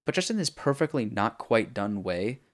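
Rambling, profane man, low voice. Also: normal speed. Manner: rambling, profane, animated retelling with many fillers. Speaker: podcast co-host. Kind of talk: casual chat about a video game.

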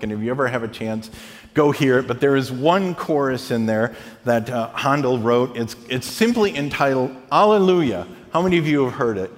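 A man preaching a sermon as pastor, animated, often checking in with the congregation by asking "right?". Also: mid-range voice, big-room sound.

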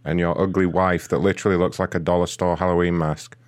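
A man's voice: low voice, level tone, fast. A man making a prank call as a rude customer service agent, insulting and taunting the customer in a smug way.

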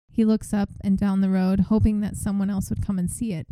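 A woman's voice: medium pitch, a little fast, no echo, poor audio. A woman podcast host casually retelling a story and acting out its quotes. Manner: animated retelling, reenacts quotes.

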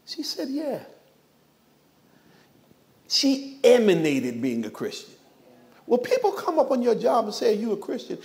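A man with a notably high voice preaches to his congregation. He speaks with emphatic energy, firing off rhetorical questions and slipping in joking asides along the way. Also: huge pitch swings, unhurried, gravelly, pauses often, a little mellow. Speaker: pastor. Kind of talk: sermon.

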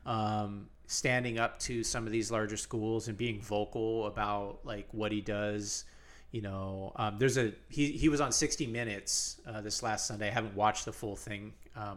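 A man co-hosting a sports podcast in a relaxed, rambling way, full of fillers and restarts. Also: fairly low pitch. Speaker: podcast co-host. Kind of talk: casual sports chat.

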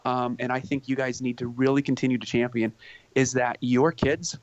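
A man's voice: medium pitch, fairly even intonation, normal speed, no room sound, muffled recording. A man speaking earnestly on a podcast about parenting, often repeating words as he starts a thought. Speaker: parenting expert guest. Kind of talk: conversational podcast talk.

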